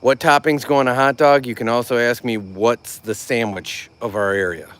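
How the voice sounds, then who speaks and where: A talkative man hosting a casual live stream, answering his viewers by name. He is from Chicago, and his voice sits at an ordinary middle pitch. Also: steady tone, moderate pace, a bit bright. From Chicago, United States.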